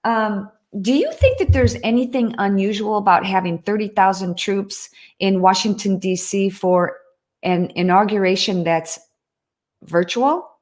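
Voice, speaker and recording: A woman's voice: medium pitch, expressive, a little slow, darkish tone. A woman hosting a casual livestream, chatting earnestly and reading out viewer comments, often breaking off and restarting. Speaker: livestream host.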